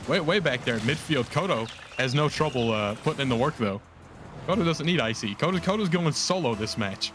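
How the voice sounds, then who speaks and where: Mid-pitched male caster, voice worn from yelling, hyped and quick. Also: noisy background. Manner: hyped, fast, repeats words when excited. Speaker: esports co-caster. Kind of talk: live esports play-by-play commentary.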